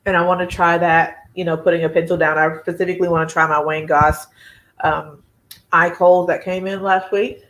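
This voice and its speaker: A woman's voice: on the low side, level tone, normal speed, fairly bright tone, slight background noise. A woman, hosting a casual beauty live chat, chatty and laughing often as she reads viewer comments.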